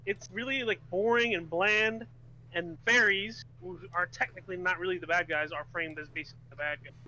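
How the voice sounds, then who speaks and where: A man's voice: high-pitched, fairly even intonation, fairly quick, pushed and bright, muffled recording, slight background noise. A man co-hosting a podcast, criticizing a film with sardonic, dry jokes. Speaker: podcast co-host. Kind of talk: casual chat about a film.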